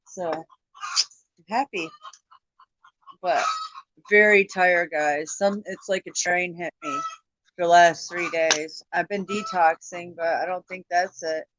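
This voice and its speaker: A woman's voice: on the low side, steady tone, takes it slowly, long pauses, fairly bright tone, no echo, lo-fi sound. A woman hosting a casual livestream chat. She sounds tired, swears often and laughs easily. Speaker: livestream host.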